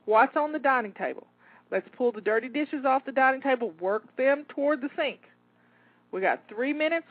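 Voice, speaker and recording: A woman's voice: on the high side, no echo. Encouraging woman coaching over a tinny line. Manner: upbeat, encouraging, talks listener through tasks. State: slightly out of breath. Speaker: home organizing coach. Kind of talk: live timed cleaning coaching. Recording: tinny phone-like line, dry.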